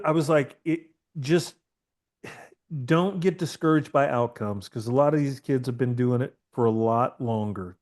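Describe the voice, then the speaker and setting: A man's voice: medium pitch, a little mellow. Candid, profane middle-aged male therapist. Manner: profane, candid, rambling with restarts. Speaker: therapist guest. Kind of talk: casual podcast storytelling.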